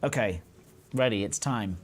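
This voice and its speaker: A man's voice: lowish voice, unhurried. Teasing man hosting a live stream. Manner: playful, teasing, rambling with restarts. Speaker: stream host. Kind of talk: casual live-stream chat.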